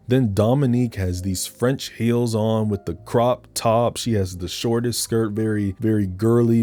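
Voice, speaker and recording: Sassy man recapping a film, mellow voice. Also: on the low side, no echo. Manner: sassy and campy. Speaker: video essay host.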